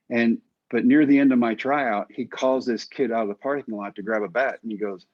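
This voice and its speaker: A man's voice: medium pitch, fairly even intonation, fairly quick, hardly any pauses. A man being interviewed who tells his story with wry, self-mocking humor and acts out the dialogue. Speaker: guest. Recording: slightly dull, lo-fi audio.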